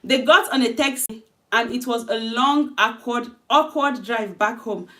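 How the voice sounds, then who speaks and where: A woman's voice: on the high side, a little slow, pushed and bright. A woman reading her own short story aloud in a loose, conversational way, correcting herself as she goes and voicing the characters' lines. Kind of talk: informal story narration with voiced dialogue.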